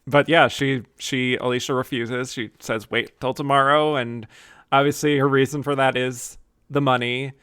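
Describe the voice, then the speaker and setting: A man's voice: medium pitch, level tone, normal speed, fairly bright tone, clean tone, dry recording, clean studio sound. A man hosting a podcast, chatting casually about a film, laughing often and acting out lines he quotes. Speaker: podcast host.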